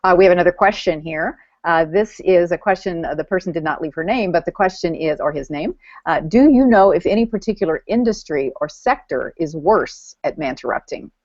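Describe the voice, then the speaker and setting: A woman hosting a live video chat, reading audience questions in a measured way with filler uhs. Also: fairly low pitch, lively intonation, darkish tone, dry recording. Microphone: video call. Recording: dry, dull lo-fi call audio.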